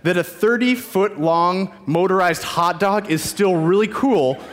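A man's voice: high-pitched, unhurried, long reverb tail. A man preaching a sermon as youth pastor, telling stories earnestly with emphatic repetition, in a church.

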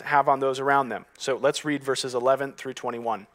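A man preaching a sermon as pastor, moving from hushed, slow passages to emphatic, rising ones, and reading scripture aloud. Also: mid-range voice, steady tone.

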